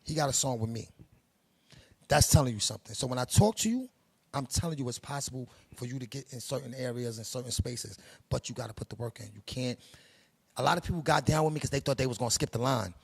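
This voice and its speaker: Middle-aged Harlem man, New York accent, gravelly and husky, emphatic streetwise interviewee. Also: mid-range voice, fast. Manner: streetwise, preachy, emphatic with slang. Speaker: production company head. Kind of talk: interview, casual monologue.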